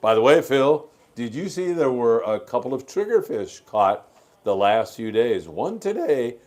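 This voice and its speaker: A man's voice: medium pitch, sing-song, unhurried, darkish tone. Playful man host reading listener comments. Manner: playful, laughing, reads comments aloud. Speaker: host of a fishing show. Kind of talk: live show chat reading listener comments.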